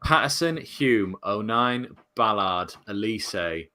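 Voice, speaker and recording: A man's voice: fairly low pitch, lively intonation, takes it slowly, sharp tone. A man hosting a casual football podcast, laughing often and running the chat polls. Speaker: podcast host.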